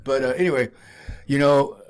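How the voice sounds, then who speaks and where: A man hosts a laid-back chat, his voice pitched in an ordinary middle range. He speaks softly and keeps his replies short. Now and then he reads a viewer comment aloud and pauses to hunt for a word. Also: fairly even intonation, smooth. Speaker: host. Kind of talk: casual chat.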